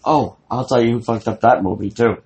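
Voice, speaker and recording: Gravelly, profane man telling a rambling story. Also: mid-range voice, fairly even intonation, a little fast, darkish tone. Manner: profane, rambling, sarcastic retelling. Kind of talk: casual comedic chat.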